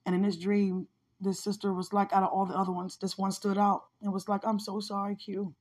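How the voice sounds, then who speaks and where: A woman's voice: mid-range voice, level tone, fairly quick, a little mellow. A woman minister sharing a personal spiritual testimony in a heartfelt, conversational way, often repeating phrases for emphasis.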